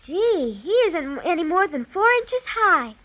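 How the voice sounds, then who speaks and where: An actress playing a cheerful, wide-eyed young girl, a gentle older sister in an old radio play. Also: very high voice, big pitch swings, measured pace, heavily acted. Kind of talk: 1930s radio acting. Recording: dull old radio recording.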